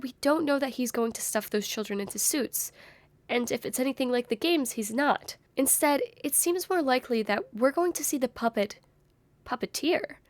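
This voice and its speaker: A young woman with a slightly high, worn and strained voice works through fan theories in a thoughtful, speculative way. The sound is close and dry, with no room around it. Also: no echo. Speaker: YouTuber. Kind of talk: fan theory video essay.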